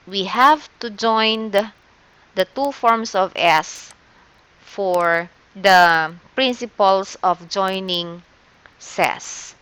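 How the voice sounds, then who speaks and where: A woman's voice: medium pitch, fairly bright tone, clear, resonant tone, dry recording. A woman teacher with a Filipino accent, patiently leading an online shorthand lesson step by step and checking in with "okay" often.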